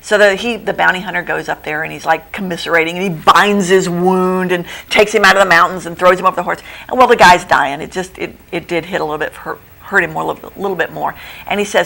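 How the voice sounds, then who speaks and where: A middle-aged woman who runs a bookstore, chatting as a guest in a local TV studio interview, animated and quick to laugh as she retells plots. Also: creaky, low-quality recording. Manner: acts out quoted lines in a higher voice. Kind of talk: casual TV interview chat.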